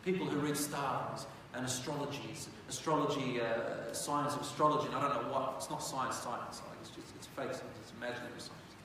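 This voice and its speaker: A man's voice: medium pitch, fairly even intonation, a little fast, hardly any pauses. Male religious storyteller in an echoey hall. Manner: conversational, asks the audience rhetorical questions. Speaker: religious teacher. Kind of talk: storytelling lecture. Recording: echoey hall from far off, faint noise.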